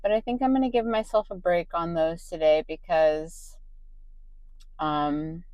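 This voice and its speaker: A woman's voice: on the low side, fairly even intonation, a little slow, dry recording, dull audio. A young woman vlogging late at night with a tired voice, rambling with many ums and restarts. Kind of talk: casual late-night vlog talk.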